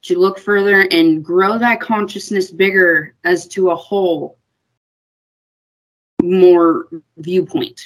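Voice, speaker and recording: A woman's voice: lowish voice, fairly even intonation, takes it slowly, rough recording. Sincere young woman interview guest. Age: young adult. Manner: sincere, emotional, laughs when choked up. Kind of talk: conversational interview.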